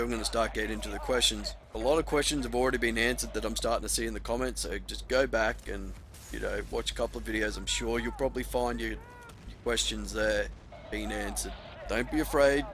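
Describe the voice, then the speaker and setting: A man's voice: fairly low pitch, a bit bright, slight background noise. A young Australian man giving casual, laid-back gameplay commentary, swearing freely and calling the listener mate. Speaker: gaming commentator.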